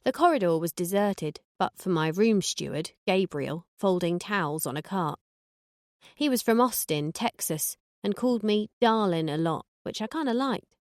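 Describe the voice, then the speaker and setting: A woman's voice: medium pitch, lively intonation, moderate pace, no echo. Woman reading an audiobook, sardonic and dry, no room sound at all. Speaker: audiobook narrator. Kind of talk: first-person audiobook narration.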